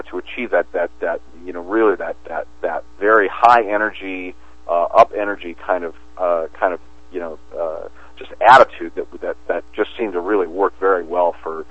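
A man's voice: sits low, no echo. A man talking as an interview guest in a rambling way, with many restarts and fillers. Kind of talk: casual interview talk. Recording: tinny phone line, dry.

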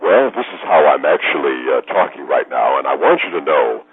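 A man putting on the voice of a smooth, deep male radio announcer, with a formal announcer delivery, heard through a dry, phone-like recording. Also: very animated, brisk, full character voice.

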